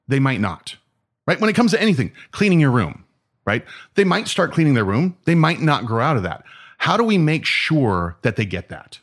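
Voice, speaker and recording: A man's voice: a little high, sing-song, moderate pace. Male martial arts instructor, podcast co-host, emphatic and chatty. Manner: emphatic, rhetorical questions. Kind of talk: casual chat.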